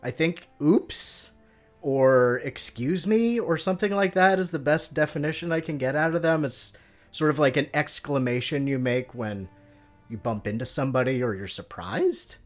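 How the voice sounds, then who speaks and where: A man from the American Midwest, a guest on a podcast, chatting casually, laughing often and getting loud when excited. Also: fairly high pitch, moderate pace, soft background music. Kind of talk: casual chat.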